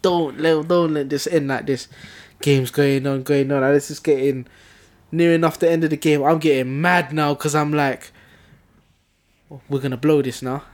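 A man, co-hosting a podcast and telling a football story in an animated, excitable way. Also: a little high, moderate pace. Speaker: podcast co-host. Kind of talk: casual football chat.

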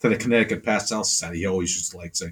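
A man's voice: sits low, rapid-fire, fairly bright tone. A man chatting casually as an interview guest, rambling through stories with many fillers and acting out other people's lines. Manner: rambling storyteller, many fillers, acts out quotes. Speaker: pastel artist guest.

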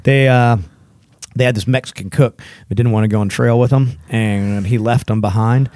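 A man's voice: medium pitch, steady tone, normal speed, darkish tone, dry recording, studio quality. A man co-hosting a podcast in casual, rambling, enthusiastic chat with crude jokes. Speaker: podcast co-host.

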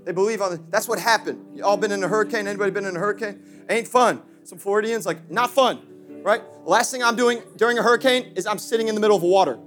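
A male pastor preaching passionately, swinging from loud calls to hushed asides with playful remarks to the congregation. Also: sits high, quick pace, faint music behind. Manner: impassioned preaching with sudden shifts from shouting to hushed. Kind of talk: sermon.

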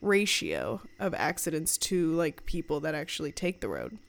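A woman's voice: sits low, huge pitch swings, moderate pace, creaky. A woman telling ghost stories in casual podcast chat, with frequent fillers and free swearing. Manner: chatty, swears freely, many fillers like "like".

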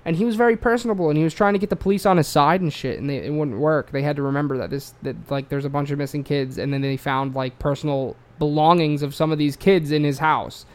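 A man's voice: fairly high pitch, fast, few pauses. An Australian man telling a true-crime story in a loose, rambling way, full of swearing and fillers. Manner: rambling, profane, lots of fillers.

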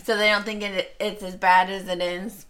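Bright-voiced female podcast co-host. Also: medium pitch, little pitch movement, moderate pace. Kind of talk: casual chat.

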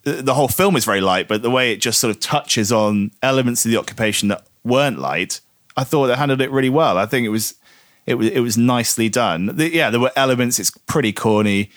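A man's voice: medium pitch, fast talker, fairly bright tone, no echo. Guernsey guy rambling about a film, lots of restarts, dry close sound. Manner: rambling, hesitant, many restarts. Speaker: podcast co-host. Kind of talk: casual chat, film review.

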